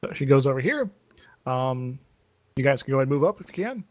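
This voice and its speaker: A man's voice: mid-range voice, big pitch swings, quick pace, no room sound. A man narrating a tabletop game as game master, rambling with many fillers.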